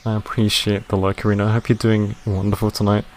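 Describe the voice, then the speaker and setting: A man streaming a game live, reading its narration in a deadpan way and chatting with viewers. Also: lowish voice, fast, slight background noise.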